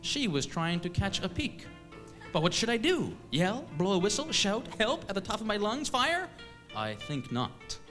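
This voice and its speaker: A man from eastern Canada telling a comic story on stage, with a wry, deadpan, self-mocking delivery. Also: sits high, moderate pace, soft background music. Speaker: comedian storyteller. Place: stage at a live show.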